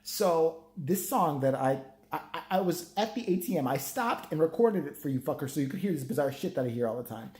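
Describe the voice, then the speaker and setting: A man's voice: a little high, animated, brisk, a little mellow. A man telling a profane, sarcastic story in a rambling rant as a vlogger. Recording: roomy echo.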